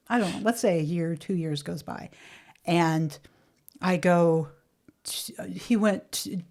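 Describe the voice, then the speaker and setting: A middle-aged woman co-hosting a podcast, animated and laughing as she tells a story and acts out the voices. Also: fairly low pitch, slow pace, pauses often. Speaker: podcast co-host. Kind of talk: casual chat.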